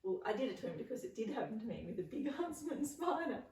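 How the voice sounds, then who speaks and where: A middle-aged woman co-hosting a casual podcast, telling lively stories and acting out the voices of the people in them. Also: a little high, quick pace. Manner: animated storyteller, acts out voices, laughs often. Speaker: podcast co-host. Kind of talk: casual chat. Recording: echoey room, far from mic.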